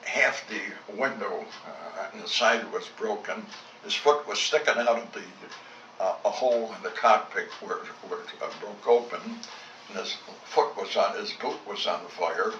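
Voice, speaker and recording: Gruff older man telling war stories. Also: fairly low pitch, unhurried, pushed and bright, slight background noise. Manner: blunt, salty storytelling with reported dialogue. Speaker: former fighter-bomber pilot. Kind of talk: recorded war reminiscence. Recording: roomy, dull home tape recording from a distance.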